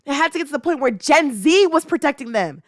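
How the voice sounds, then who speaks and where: A woman's voice: high voice, expressive, fast, no echo, clean studio sound. A young woman hosting a casual talk show, talking in a heated, emphatic way with slang and lots of repetition. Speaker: podcast host. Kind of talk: casual commentary.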